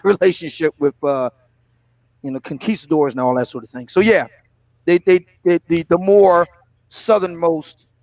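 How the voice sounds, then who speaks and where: A man with a fairly high voice speaking in a casual chat. He hedges and stumbles, repeating words as he goes. His delivery sounds loose and unscripted. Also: rough recording. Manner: hesitant, full of fillers and repeats.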